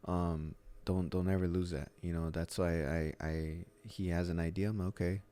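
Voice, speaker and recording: A man's voice: sits low, level tone, moderate pace, warm tone, clean tone. A middle-aged man who owns a gym, chatting casually and telling rambling stories with lots of restarts. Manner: rambling storyteller with many restarts. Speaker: gym owner. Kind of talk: casual podcast conversation.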